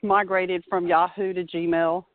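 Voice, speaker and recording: In a casual phone interview, a woman in her forties describes her job as a fire marshal, speaking earnestly and steadily. Her voice is fairly low and flat, her pace unhurried, with no room sound. She's calling from outdoors at a playground, and the line sounds tinny and dry, like a narrow phone connection.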